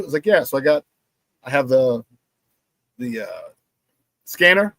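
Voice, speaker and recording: A man's voice: mid-range voice, normal speed, no echo. A man hosting a casual sports talk show, plugging merchandise and telling stories while acting out the quotes. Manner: animated storyteller, acts out quotes.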